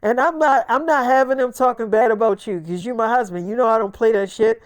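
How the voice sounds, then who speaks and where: A woman voicing a hot-tempered, blunt young wife who talks rough and swears freely. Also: on the high side, fairly quick, no echo, natural voice. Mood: heated. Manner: profane, sharp-tongued.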